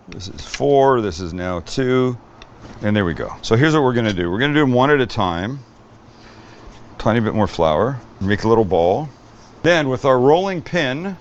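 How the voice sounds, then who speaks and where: A man's voice: mid-range voice, dull audio, a little hiss or hum. A man hosting a cooking show, demonstrating a recipe in an upbeat, joking way and swearing freely.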